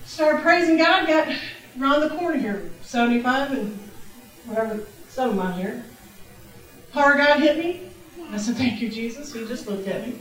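A middle-aged woman preaching a testimony sermon in a church, exuberant and laughing, breaking into shouts of praise. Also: high voice, expressive, moderate pace. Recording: very echoey church, distant mic.

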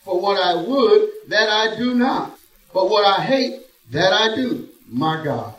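A man with a notably high voice preaches in a church, dropping to a hush and then rising to loud, slowly stretched emphasis. He sounds set back from the mic, and his voice rings off the room. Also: animated. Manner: dramatic preaching, swinging between hushed and loud, slow drawn-out emphasis. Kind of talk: sermon. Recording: echoey room, voice from a distance.

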